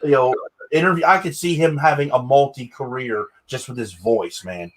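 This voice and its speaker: A man's voice: mid-range voice, normal speed, fairly bright tone. A man hosting a casual interview over a video call. He talks in a loose, rambling way, repeats his words, and likes slipping into impressions. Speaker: host. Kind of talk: casual chat.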